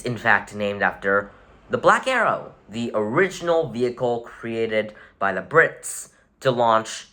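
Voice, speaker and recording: A man talks through a ranking in an offhand, conversational way, tossing in dry sarcastic remarks and correcting himself mid-sentence. His pitch sits at an ordinary middle level for a man, with nothing unusual in the tone. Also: bright, forceful tone. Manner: wry, offhand, sarcastic asides; rambling with self-corrections. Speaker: vlogger rating rockets. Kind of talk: casual tier-list commentary.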